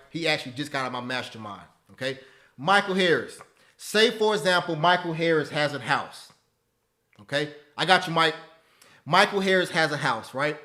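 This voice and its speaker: A man in his thirties leads a live online class in an animated, preachy manner, repeating his phrases and checking in with "okay?". His voice sits a little high for a man and sounds bright and forceful. He talks into a webcam mic. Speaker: webinar host teaching stock options. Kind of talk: live webinar talk, motivational.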